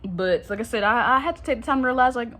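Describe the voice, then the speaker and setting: A woman's voice: fairly high pitch, fast, background noise. A young woman, ranting bluntly and profanely in a casual monologue, calling her viewers out. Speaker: vlogger.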